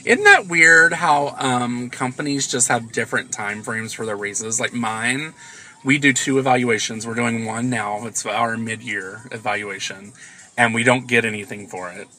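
A man's voice: medium pitch, normal speed, pushed and bright, poor audio. A man co-hosting a podcast in casual chat, joking and blunt, swearing freely, from inside a car. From US South. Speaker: podcast co-host.

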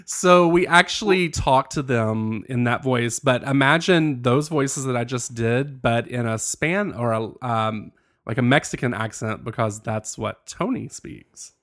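A man hosting a loose chat show, bubbly and quick to giggle. He rambles and restarts his sentences. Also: mid-range voice, a bit bright. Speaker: podcast host. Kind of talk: casual chat.

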